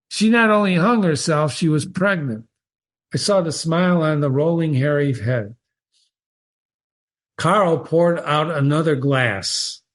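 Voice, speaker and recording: A man reading a short story aloud and pausing to analyze it, with musing, thoughtful asides. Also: a little high. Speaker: literature teacher and reader.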